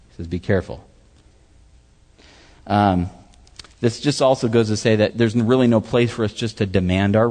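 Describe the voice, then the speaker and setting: A man's voice: lowish voice, big-room sound. A man preaching a sermon, asking the audience questions and acting out what people say. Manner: animated preaching with questions to the audience, acts out voices. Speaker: pastor.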